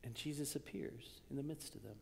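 A man preaching a sermon in a conversational way, moving between loud emphasis and hushed near-whispers. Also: medium pitch, brisk, vocal fry, a little hiss or hum. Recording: long reverb of a church hall.

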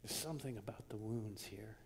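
A man's voice: fairly low pitch, a little fast, a little hiss or hum. Conversational male preacher in a reverberant hall. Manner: conversational, swings from loud emphasis to hushed whispers. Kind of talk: sermon. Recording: long reverb of a church hall.

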